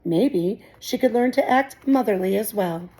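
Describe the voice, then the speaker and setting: A woman teacher reading a children's book aloud with calm, clear storytelling. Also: medium pitch, a little slow, poor audio.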